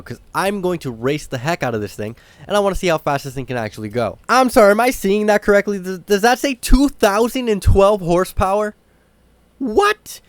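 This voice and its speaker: A young man hosting a car game video, talking casually and getting excited and loud at times. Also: sits high, no echo. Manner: excitable, slangy, bursts of shouting at rivals. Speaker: gaming channel host. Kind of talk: casual gameplay commentary.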